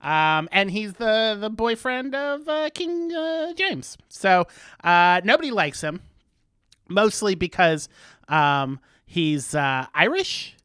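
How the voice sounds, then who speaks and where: A man's voice: high voice, expressive, slow, pushed and bright, clear, resonant tone, dry recording, studio quality. A man co-hosting a podcast, casually recapping a TV episode with many ums and uhs. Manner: filler-heavy storytelling, many ums and uhs. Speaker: podcast co-host.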